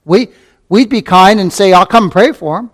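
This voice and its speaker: At a moderate pace and a voice that sits high, a man preaches as pastor. Repeating key phrases, asking rhetorical questions and calling listeners beloved, he rises to fervent emphasis.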